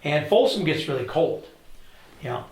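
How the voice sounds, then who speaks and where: An older man recounting his past as an interview guest, a lively anecdotal storyteller who acts out the dialogue. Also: fairly high pitch, moderate pace. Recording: roomy echo.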